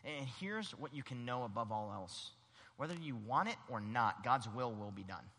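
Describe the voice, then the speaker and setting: A man preaching a sermon, animated and acting out the voices in the story. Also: mid-range voice, normal speed, big-room sound. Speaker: pastor.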